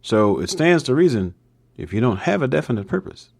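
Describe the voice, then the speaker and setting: A man's voice: medium pitch, sing-song, brisk, creaky, a little mellow. A man hosting a motivational podcast monologue, with playful, jokey asides.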